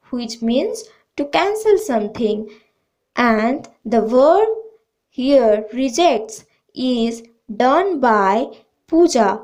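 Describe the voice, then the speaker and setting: A woman's voice: sits high, mellow. A woman with an Indian English accent teaching grammar to students in a patient, repetitive way. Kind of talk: slow explanatory lesson.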